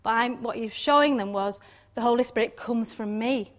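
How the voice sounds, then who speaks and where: Woman talking through a bible passage, kinda high voice, laughs a lot, keeps going "doesn't it?". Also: a little fast. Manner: chatty, laughs often, many tag questions. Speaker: Bible teacher. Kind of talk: informal devotional talk.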